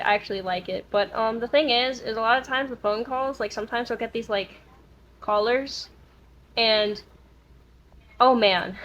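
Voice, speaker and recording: High-voiced young woman telling stories. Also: fairly bright tone. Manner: rambling, many fillers and restarts. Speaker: podcast co-host. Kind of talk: casual storytelling. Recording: dull lo-fi recording.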